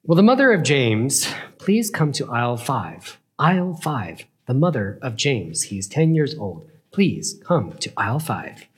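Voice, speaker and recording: A man's voice: mid-range voice, big pitch swings, measured pace, few pauses, husky. A man voicing a store manager making a formal announcement in a storybook tale. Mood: announcing.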